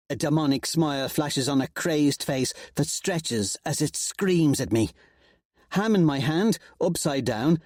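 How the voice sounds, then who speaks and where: A man narrating an audiobook with an expressive, wry first-person reading. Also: on the high side, no echo, clean studio sound.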